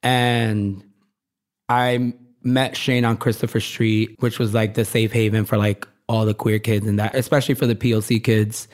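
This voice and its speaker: A man's voice: fairly low pitch, flat delivery, moderate pace. A man from Brooklyn chats in a candid, rambling way, his sentences full of fillers and restarts. He laughs easily and turns emotional when he talks about home. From Brooklyn, New York. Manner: gets emotional, laughs often. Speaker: fashion designer guest. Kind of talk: casual interview chat.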